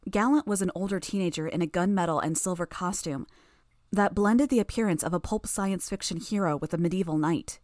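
A woman narrating first-person fiction in an even, steady reading voice. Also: fairly low pitch, dry recording, studio quality. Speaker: audiobook narrator.

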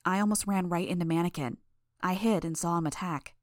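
A woman voicing a frightened teenage girl who speaks quietly and anxiously in an audiobook reading. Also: lowish voice, no echo, clean studio sound, natural voice. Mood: worried. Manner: soft, hurried and anxious.

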